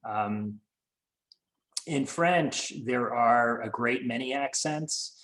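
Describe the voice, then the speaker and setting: A man's voice: medium pitch, drawn-out words, a bit bright, low-quality recording. A man, a French professor, speaking in a webinar on a video call, with many fillers and restarts. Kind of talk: webinar talk.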